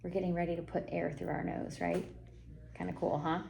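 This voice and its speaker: A woman reading teacher giving a one-on-one phonics lesson, encouraging and modelling sounds slowly for a young reader. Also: fairly low pitch, level tone, creaky, darkish tone, slight background noise.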